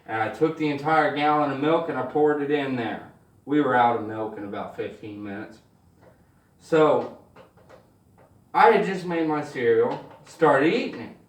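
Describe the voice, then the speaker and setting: A man telling stand-up stories in an animated, swearing style, acting out the people in them. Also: mid-range voice, normal speed, echoey room, distant mic. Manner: animated, swears freely, acts out voices. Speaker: stand-up comedian. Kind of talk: stand-up storytelling.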